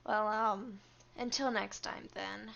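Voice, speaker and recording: A woman voicing a tired, remorseful young female coworker in a flat monotone, in a game playthrough. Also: medium pitch, slow pace, vocal fry, muffled recording. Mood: weary.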